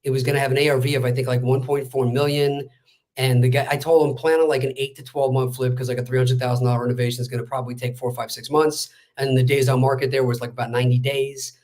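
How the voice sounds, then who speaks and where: A man's voice: medium pitch, flat delivery, a little mellow. A man telling a story as a guest in a casual interview, chatty and full of fillers. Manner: rapid, chatty, with many fillers. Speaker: real estate wholesaler, guest.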